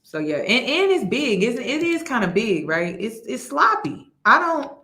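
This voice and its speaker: A woman reacts to a clip with incredulous, mocking emphasis. Her voice is bright and a bit high. The room around her is echoey. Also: big pitch swings, measured pace. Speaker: commentary host. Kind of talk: reaction commentary.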